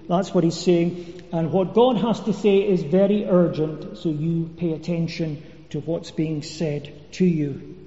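A man preaching a sermon in a measured, expository way, with occasional fillers. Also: high-pitched, steady tone, mellow. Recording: dull echoey church hall recording.

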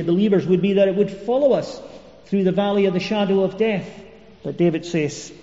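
Male preacher, earnest and repetitive, warm voice, roomy dull recording. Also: sits high. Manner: earnest, repeats key phrases for emphasis. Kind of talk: sermon. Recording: echoey hall, dull lo-fi sound.

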